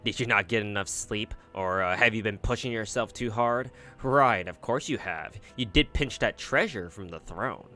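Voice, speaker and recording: A man's voice: lowish voice, normal speed, hardly any pauses, bright, forceful tone, faint music behind. A man voicing an easygoing male knight who teases and soothes, reading aloud from a game. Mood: teasing.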